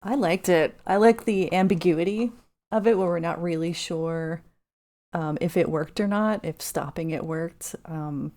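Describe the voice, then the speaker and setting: A woman scientist appearing as a podcast guest, talking in a relaxed, easygoing way. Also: fairly low pitch, a little slow. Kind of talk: casual chat.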